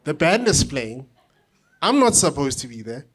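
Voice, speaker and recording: A middle-aged man, an author and conductor, telling an anecdote at a book talk with lively, self-deprecating humor. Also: on the high side, normal speed, breathy edge. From South Africa. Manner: animated anecdotal storytelling with self-deprecating laughs.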